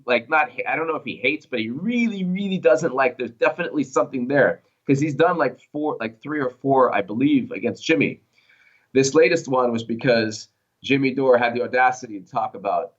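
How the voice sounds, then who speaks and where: Emphatic male political commentator, lo-fi audio. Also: mid-range voice. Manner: emphatic, opinionated, repeats words. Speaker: show host or guest commentator. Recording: dull lo-fi audio.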